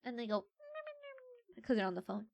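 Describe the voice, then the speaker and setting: A woman's voice: medium pitch, steady tone, normal speed, vocal fry, a little mellow, dry recording, highs cut off. A young adult woman streamer in casual livestream chat, playfully reading quiz questions aloud and joking about them.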